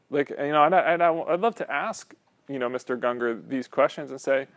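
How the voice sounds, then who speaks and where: Man, pastor, conversational sermon, rhetorical questions, medium pitch, dry sound. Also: no echo. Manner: conversational, asks the congregation questions, often adds "right?". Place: church.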